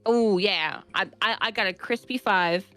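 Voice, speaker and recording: A woman's voice: medium pitch, measured pace, a bit bright, faint music behind. A woman playing an improvised tabletop game, melodramatic and swearing, laughing often. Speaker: guest player. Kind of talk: improvised tabletop role-play.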